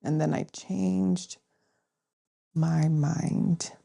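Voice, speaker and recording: A woman's voice: low voice, fairly even intonation, extremely slow, vocal fry, mellow. A woman co-hosting a casual podcast, telling stories with lots of swearing and laughter. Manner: profane, laughing storyteller. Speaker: podcast co-host.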